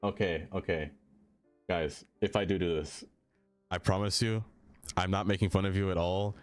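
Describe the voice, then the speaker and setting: A man's voice: deep voice, steady tone, moderate pace, faint music behind. A man live-streaming a city-building game, chatting casually with his viewers and laughing often.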